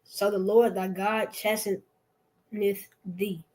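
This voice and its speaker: A woman reading scripture aloud in a measured, careful way. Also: medium pitch, little pitch movement, a little mellow, rough recording. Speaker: scripture reader.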